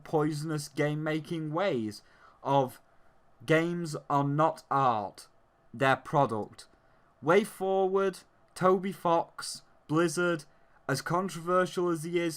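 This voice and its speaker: Male reviewer, angry profane rant, unhurried delivery. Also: on the high side, fairly bright tone. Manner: heated, profane ranting with emphatic lists. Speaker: game reviewer. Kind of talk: ranting video review.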